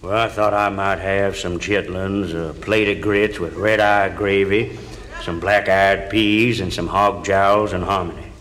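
A man's voice: low voice, steady tone, a little slow. A man playing a folksy male president in a comedy sketch. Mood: jovial. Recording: loud noise, old comedy record.

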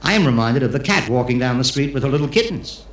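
A man's voice: medium pitch, lively intonation, fast talker. A man telling stand-up jokes to a live audience, storytelling with Yiddish phrasing and putting on character voices. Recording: echoey room with faint noise.

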